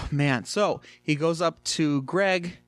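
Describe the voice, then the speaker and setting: A man's voice: fairly high pitch, extremely slow, fairly bright tone, no echo. A man casually reviewing a cartoon episode, rambling with lots of fillers.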